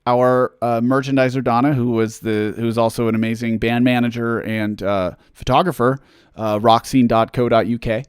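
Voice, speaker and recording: A man's voice: mid-range voice, flat delivery, moderate pace, clean tone. A man in a casual livestream chat with a mid-range voice. He rambles through answers with plenty of fillers and self-deprecating humor. The sound is dry, with no room echo. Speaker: musician answering fan questions.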